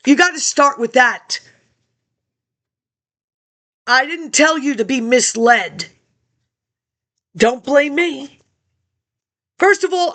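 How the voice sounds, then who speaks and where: A woman's voice: high-pitched, fairly bright tone. A woman talking in a rambling monologue into a laptop webcam, jumping between topics and reading old documents aloud.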